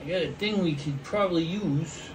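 Heard from away from the microphone with noise behind him, a man hosts a relaxed vlog where he paints pots. His fairly high voice moves at normal speed as he rambles goofily and speaks right to his viewers.

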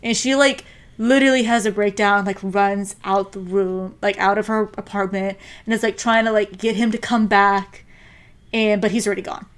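A young woman co-hosting a casual podcast, retelling an anime episode in an animated way and saying "like" a lot. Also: medium pitch, moderate pace. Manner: animated storyteller, heavy use of "like", acts out quotes. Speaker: podcast co-host.

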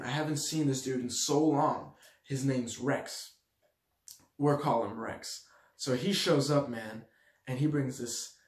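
A young man from Switzerland telling a story to his audience in a slangy, animated way, acting out the quotes loudly. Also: mid-range voice. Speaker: vlogger. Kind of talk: storytelling to camera. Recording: echoey room.

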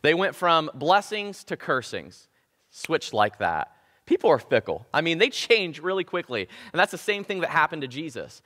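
A man's voice: a little high, very animated, normal speed, sharp tone. Man preaching, swoops up and down a lot, big echoey church sound. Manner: impassioned, with emphatic repetition. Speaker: pastor. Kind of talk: sermon. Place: church sanctuary.

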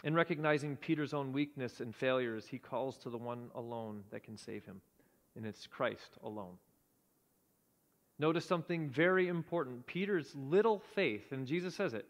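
A man preaching a sermon in earnest tones, often dropping to a hushed low voice for emphasis. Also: moderate pace, in a large hall. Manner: earnest, drops to a hushed low voice at key points. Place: church sanctuary.

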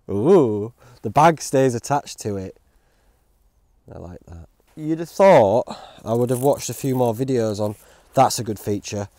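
Male vlogger, dry close sound, mellow tone, rambling and self-mocking. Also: mid-range voice, expressive, slow, dry recording. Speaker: outdoor gear reviewer. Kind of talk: casual vlog chat. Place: outdoors in woods.

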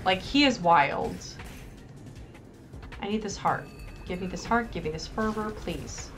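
A woman's voice: lowish voice, animated, unhurried, soft background music. A woman commenting live on her gameplay, reacting with frequent exclamations and mild swearing. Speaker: game streamer.

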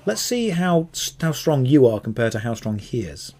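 A man's voice: mid-range voice, very animated, moderate pace, dark tone. A man narrating a tabletop game as dungeon master, playful and teasing.

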